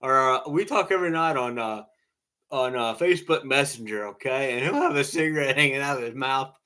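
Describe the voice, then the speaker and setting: A man's voice: medium pitch, brisk, pushed and bright. A man telling rambling casual stories and jokes to online friends, often tacking on "all right?" and laughing at his own tales.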